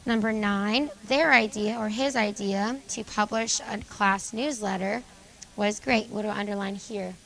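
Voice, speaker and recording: Brisk woman teaching a class, gravelly. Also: medium pitch, steady tone, a bit bright, low-quality recording. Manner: brisk, calls on students by name and confirms answers. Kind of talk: classroom grammar lesson. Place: school classroom.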